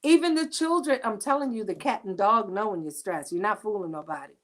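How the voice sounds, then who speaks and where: A woman hosting a talk show, speaking emphatically in a preachy, animated storytelling way. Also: mid-range voice, a little fast.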